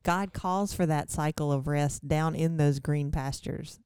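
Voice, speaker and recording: A woman's voice: low-pitched, a little slow, darkish tone, clear, resonant tone, no echo, studio quality. A woman co-hosting with her pastor husband, chatting casually and reflectively. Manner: chatty, reflective, many restarts. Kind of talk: casual chat.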